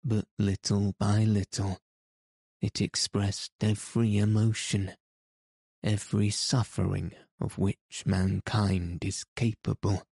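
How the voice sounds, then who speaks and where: A male audiobook narrator with a measured, solemn delivery. His voice is deep and dark and stays flat. The recording is close and dry. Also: vocal fry, slightly rough, no room sound.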